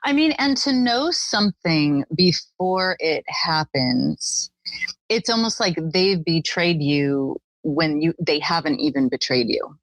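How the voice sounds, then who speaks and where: A woman's voice: sits low, lively intonation, slow, no room sound, low-quality recording. A woman co-hosting a podcast, reacting with gasps and laughter and musing aloud. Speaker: podcast co-host. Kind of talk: casual chat.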